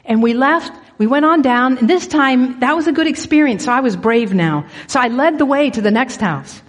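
Brief: high-voiced woman with a husky edge, earnest church testimony and prayer, stumbling restarts. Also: expressive, normal speed, in a large hall. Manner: earnest storytelling with frequent restarts. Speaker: church speaker.

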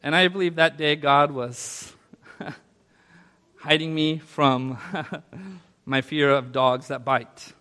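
In a church sanctuary, a pastor preaches a sermon, sharing a personal story conversationally with asides to the congregation before slowing to stress key words. His voice is on the high side, steady and sharp, with a long reverb tail.

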